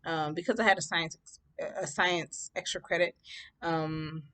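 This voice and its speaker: A woman's voice: fairly low pitch, fairly even intonation, a little slow, fairly bright tone. A woman telling a personal story in a casual vlog, sassy and laughing often.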